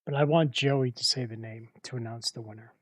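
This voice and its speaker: A man's voice: mid-range voice, steady tone, a little fast, fairly bright tone, dry recording. A man co-hosting a livestream, chatting casually and teasing the others. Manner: teasing, insistent. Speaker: co-host.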